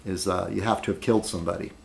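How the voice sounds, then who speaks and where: A man's voice: sits low, fairly even intonation, rapid-fire, vocal fry. A man rambling at his desk in an opinion video blog, arguing with many rhetorical questions and fillers. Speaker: video blogger.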